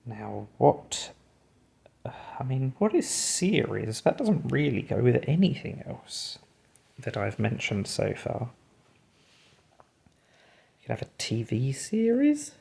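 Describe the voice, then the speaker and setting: A man's voice: medium pitch, very animated, takes it slowly, vocal fry, long pauses, darkish tone, husky. A man hosting a puzzle video, musing and talking himself through his guesses while solving a word game.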